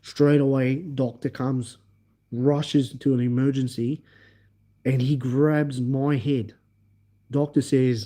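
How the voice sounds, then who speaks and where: A man hosting a livestream, telling a story in an animated, emphatic way and acting out the scenes. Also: medium pitch, slow pace. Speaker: livestream host. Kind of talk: casual storytelling.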